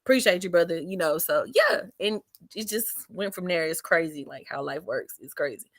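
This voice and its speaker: Animated, slangy woman telling stories. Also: on the low side, normal speed. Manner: animated, slangy, acts out quotes in raised voice. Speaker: comedian guest. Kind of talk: storytelling in a casual interview.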